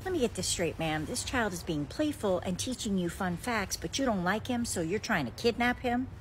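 A sarcastic, unimpressed police officer, as a woman puts one on in a comedy skit. The delivery is dry, but the pitch moves around a lot. There is faint noise in the background. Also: animated, moderate pace, close to an everyday voice. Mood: deadpan.

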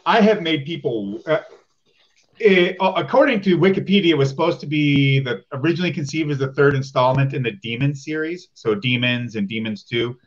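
A man's voice: fairly high pitch, a little fast, lo-fi sound. A man guesting on a casual chat, explaining films with frequent hesitations. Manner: film-buff explaining, with hesitations.

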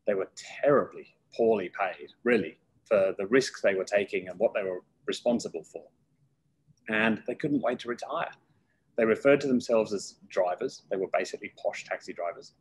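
A middle-aged man speaks as a guest in a relaxed interview. His voice is low and a little husky. He tells stories with lively energy and slips into acted voices when he quotes people. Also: normal speed, poor audio. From United Kingdom. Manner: lively storyteller who acts out quoted voices. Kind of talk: casual interview storytelling.

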